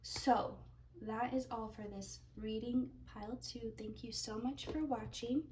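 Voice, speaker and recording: A woman's voice: fairly high pitch, fairly even intonation, unhurried, far from the mic, noisy background. A woman giving a pick-a-card tarot reading, talking in a rambling way as she searches for words. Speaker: tarot reader.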